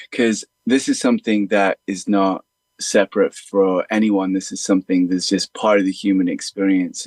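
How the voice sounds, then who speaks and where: A man's voice: fairly low pitch, darkish tone, no room sound. A man, a musician guest, telling stories in an earnest, rambling way with many fillers. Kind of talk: reflective storytelling in conversation.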